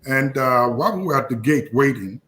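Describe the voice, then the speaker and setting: Animated Nigerian man discussing politics. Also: medium pitch, fairly quick. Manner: animated, storytelling with quoted dialogue.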